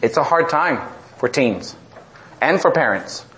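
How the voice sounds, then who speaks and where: This middle-aged pastor keeps his sermon funny and energetic, circling back to repeat himself and lowering and slowing his voice for weight.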